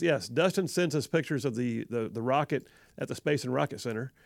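Gravelly-voiced Southern radio host. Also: male voice, medium pitch, dry recording, studio quality. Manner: chatty, self-deprecating, laughs often. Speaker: radio talk show host. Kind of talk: casual call-in radio talk. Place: radio studio. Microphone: studio microphone.

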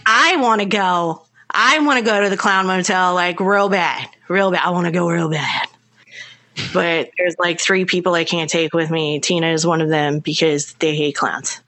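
A woman's voice: fairly low pitch, moderate pace, bright, forceful tone. A woman co-hosting a podcast, chatting in a rambling, playful way with lots of fillers. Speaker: podcast co-host. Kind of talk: casual chat.

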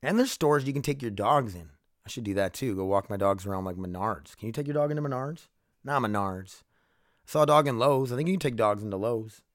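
A man's voice: medium pitch, expressive, a little fast, no echo, clean studio sound. A man hosting his own podcast, talking casually in a rambling, profane, self-deprecating way. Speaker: podcast host. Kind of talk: casual solo podcast chat.

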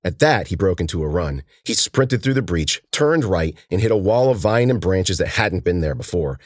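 Husky, low-pitched male audiobook narrator. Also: lively intonation, moderate pace, no echo, studio quality. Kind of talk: scripted narration.

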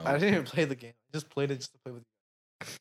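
A young man telling stories in a relaxed chat among friends, his voice at an ordinary middle pitch. He rambles, restarts, laughs a lot and swears easily. The sound is dry and close, with no room around it. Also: rapid-fire, no echo. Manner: rambling storyteller, laughs often, swears casually. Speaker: friend in a casual group chat. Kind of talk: casual chat.

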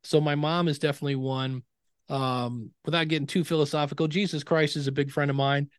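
Animated storytelling middle-aged man, dry sound. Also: on the high side, brisk, clear, resonant tone, dry recording. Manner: animated storyteller who acts out quoted dialogue. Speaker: podcasting expert guest. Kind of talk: casual interview conversation.

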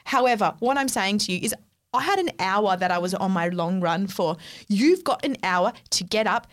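A young woman, co-hosting a podcast and telling a story in a casual, animated, exasperated way, swearing freely. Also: medium pitch, moderate pace. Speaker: podcast co-host.

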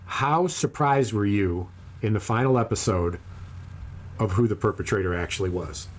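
A man's voice: lowish voice, normal speed. A man chatting casually with a friend about a TV series, emphatic and teasing, often repeating himself. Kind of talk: casual chat.

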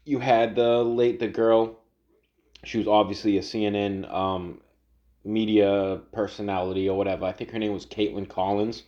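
A man's voice: fairly low pitch, little pitch movement, normal speed, muffled recording. A man ranting casually about politics, rambling and swearing, with lots of restarts and fillers. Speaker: political commentary vlogger.

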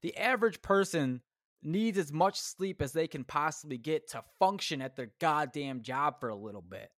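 A man's voice: on the high side, animated, moderate pace, fairly bright tone, dry recording, studio quality. A man hosting a solo podcast, ranting casually, swearing constantly and rambling off on tangents. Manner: rambling, self-interrupting. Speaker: podcast host.

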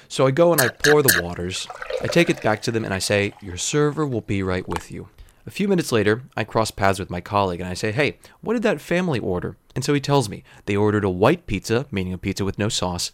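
A man in his thirties telling a comedic story with wry, digressive deadpan asides. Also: fairly low pitch. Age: 30s.

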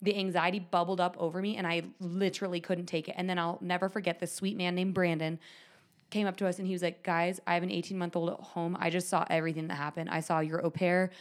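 A woman in her thirties co-hosting a podcast, telling a story animatedly with lots of "like" fillers. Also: on the low side. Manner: animated, quick, many "like" fillers. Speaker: podcast co-host. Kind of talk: casual storytelling chat.

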